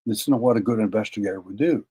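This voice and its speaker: An older man, a guest on an interview, telling a long personal story in a folksy, casual way, often repeating words and clearing his throat. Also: lowish voice, very fast, dark tone. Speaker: interview guest, paranormal investigator.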